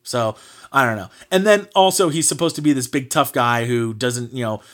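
A man's voice: medium pitch, moderate pace, fairly bright tone. A man hosting a sports podcast, ranting in a heated, mocking way, swearing freely and filling his talk with "like" and "you know.". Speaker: podcast host. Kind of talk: casual sports podcast rant.

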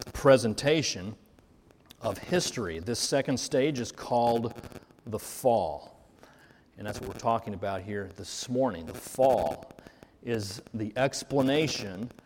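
A man preaching a Sunday morning sermon, earnest and reflective, posing rhetorical questions to his congregation. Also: mid-range voice. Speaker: pastor. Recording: reverberant hall, faint noise.

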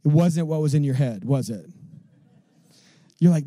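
A man preaching a sermon as a pastor, in an animated, conversational way, full of rhetorical questions and casual fillers. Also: on the high side, moderate pace, pauses often, dry recording.

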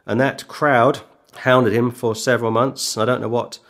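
A man preaches in a middle-range voice, firing pointed rhetorical questions at his listeners. He turns sarcastic and scolding, then slows right down to read scripture with heavy emphasis. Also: medium pitch, steady tone, a bit bright. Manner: reads scripture slowly and emphatically. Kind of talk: sermon.

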